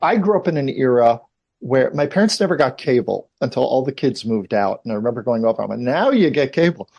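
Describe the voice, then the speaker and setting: A man's voice: mid-range voice, fast, vocal fry, a little mellow, husky, highs cut off. Rambling, storytelling man in his fifties. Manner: rambling anecdotal storyteller, many asides. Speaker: actor, interview guest. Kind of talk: casual interview chat.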